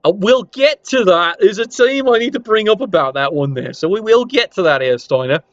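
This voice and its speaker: Man, high voice, bouncy delivery, chatty wry commentary, dry dull recording. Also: expressive, normal speed, no echo. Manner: chatty, wry asides, swears casually. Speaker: league reviewer. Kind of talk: casual commentary over screen.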